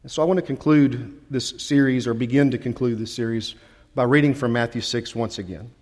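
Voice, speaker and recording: In a mid-range, slightly mellow voice and at a somewhat quick pace, a male pastor rambles through a self-deprecating anecdote with many false starts before getting to the sermon. The sound echoes with the long reverb of a big hall.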